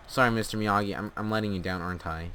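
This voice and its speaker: A man's voice: on the low side, fairly even intonation, a crowd in the background. Rambling young guy telling a story. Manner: rambling, halting, many restarts. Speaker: storyteller and gamer. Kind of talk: rambling casual storytelling while gaming.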